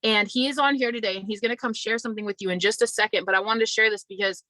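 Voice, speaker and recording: Young woman host, bright and chatty, giving a testimonial in a dry room. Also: mid-range voice, steady tone, racing, no echo, rough recording. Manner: chatty, testimonial, addresses viewers as y'all. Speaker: online business community host. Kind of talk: casual motivational talk to viewers.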